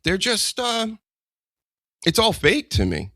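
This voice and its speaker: A man's voice: high-pitched, wildly swooping pitch, takes it slowly, sharp tone, no echo, clean studio sound. A man hosting a casual comedy podcast, rambling and teasing his co-host in a joking way.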